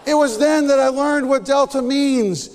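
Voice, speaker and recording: A man preaching a sermon, telling a story with animated energy and then dropping to a hushed, near-whispered delivery. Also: very high voice, moderate pace, big-room sound, a little hiss or hum.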